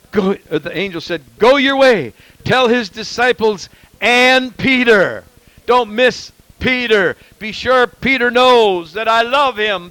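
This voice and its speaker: Male preacher, high voice, dry close sound; delivers an emphatic sermon that swings loud and soft. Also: no room sound, rough recording.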